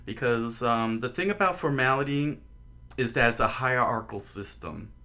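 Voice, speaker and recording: Teaching Japanese grammar over a livestream, this man speaks in a mid-range voice that's animated, bright and forceful at a moderate pace. His casual explanation rambles with lots of fillers and restarts as he draws on a board.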